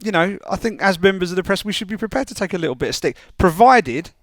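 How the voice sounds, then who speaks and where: Journalist guy chatting, wry and measured, dry close sound. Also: sits high, lively intonation, no room sound. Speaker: journalist guest. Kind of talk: casual chat.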